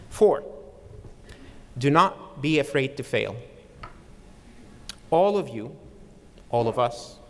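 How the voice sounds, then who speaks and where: A man giving a formal commencement address from a podium, earnest and emphatic, laying out his advice point by point. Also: on the high side. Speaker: commencement speaker. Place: large hall with long reverb. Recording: long hall reverb from a ceremony.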